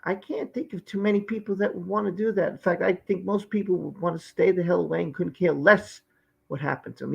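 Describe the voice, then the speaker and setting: Male streamer commenting live; high, gravelly voice that hammers points by repetition; muffled lo-fi audio. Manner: emphatic, repeats key phrases.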